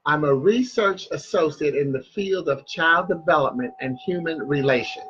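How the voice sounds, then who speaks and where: A man voicing a cool-headed, proud mother of four who speaks deliberately and stresses her words. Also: a little high, dull audio, slight background noise, natural voice. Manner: calm, deliberate, emphatic.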